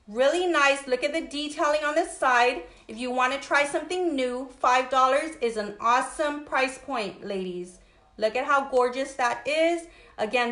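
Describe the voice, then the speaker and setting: Upbeat livestream seller, woman, high bright voice, echoey room, greets viewers by name. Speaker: jewelry seller hosting a livestream. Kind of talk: casual live sales chat.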